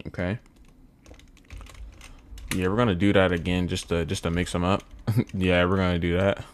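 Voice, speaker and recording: A young man commenting casually on a video game at home, muttering low, then yelling when excited, repeating himself with lots of bro and man. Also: moderate pace, a little hiss or hum. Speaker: gaming YouTuber. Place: at home indoors.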